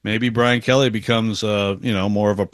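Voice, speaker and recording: A man's voice: on the low side, steady tone, normal speed, dry recording. A man from Western Michigan co-hosting a sports radio show, talking in a rambling, casual way with many restarts. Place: radio studio.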